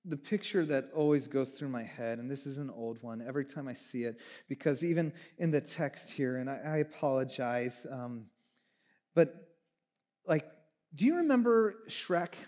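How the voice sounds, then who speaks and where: A man preaching a sermon as pastor, talking conversationally, moving between hushed reflection and fervent emphasis, with casual asides to the congregation. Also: mid-range voice, animated, normal speed. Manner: casual asides with audience check-ins.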